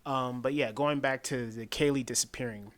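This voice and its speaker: A man of ordinary pitch talks through a film in a loose, rambling way. He keeps circling back and tossing in "man", and his voice goes quiet and hushed whenever he retells a scary moment. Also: fairly even intonation, moderate pace. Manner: rambling, repeats himself, says "man" a lot. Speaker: movie reviewer. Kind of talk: casual spoken film review.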